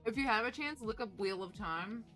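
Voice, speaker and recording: A young adult woman chatting casually with viewers while playing a video game, animated and quick to exclaim. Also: a little high, soft background music. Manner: animated, shrieks when excited, drops soft when focused. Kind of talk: casual let's-play commentary chatting with chat.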